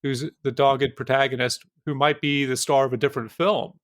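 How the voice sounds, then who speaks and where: Guy on a film podcast, mid pitch, dry close sound, kinda rambly. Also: fairly even intonation, brisk, fairly bright tone, dry recording. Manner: thoughtful, rambling with many fillers. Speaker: podcast co-host. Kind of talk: casual film discussion.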